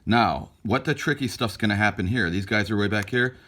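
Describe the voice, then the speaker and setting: Lively man breaking down football film. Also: on the low side, brisk. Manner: animated, talks to viewers, acts out players' thoughts. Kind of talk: casual game breakdown over video.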